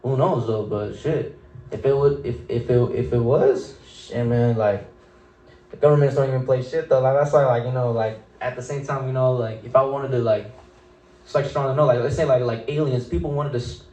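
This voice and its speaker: A young man hosts a casual podcast and rambles through his stories in loose slang, restarting his sentences. His voice is dark and mellow. He sits back from the mic in a roomy, echoing space. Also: mid-range voice, normal speed, far from the mic. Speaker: podcast host.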